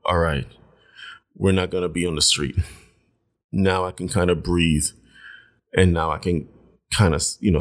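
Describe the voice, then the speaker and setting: Low-voiced man telling a lively story. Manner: animated, jumps high in pitch when acting out his own reactions. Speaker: vlogger telling a personal story to viewers. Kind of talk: casual storytelling to camera.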